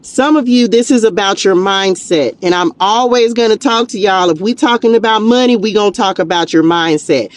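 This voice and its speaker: A woman's voice: mid-range voice, normal speed, few pauses. Southern lady doing a live tarot reading, calls everybody child and y'all, cheery pep talk. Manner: chatty, folksy, calls viewers "child" and "y'all"; warm encouraging pep talk, laughs easily. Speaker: tarot reader and spiritual coach. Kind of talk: live tarot reading, casual chat to viewers.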